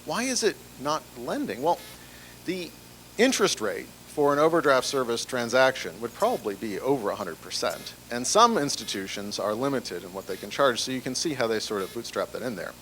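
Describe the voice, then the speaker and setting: A man's voice: medium pitch, big pitch swings, a little fast, a bit bright, slight background noise. A man giving a conference presentation on banking compliance in a chatty, conversational way, with fillers and restarts. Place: large breakfast event room.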